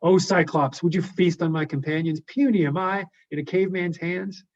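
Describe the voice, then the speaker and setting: Male reader doing a proud, loud-mouthed captain, taunting, slightly raised pitch. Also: normal speed, no echo, close to an everyday voice. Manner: shouting and taunting. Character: boastful male sea captain hero. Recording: dull lo-fi recording.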